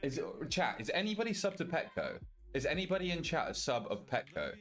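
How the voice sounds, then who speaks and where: A man's voice: fairly high pitch, huge pitch swings, fairly quick, fairly bright tone. A young British man, a streamer reading and answering his chat in loose, casual talk and swearing freely. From Britain. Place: walk-in wardrobe at home.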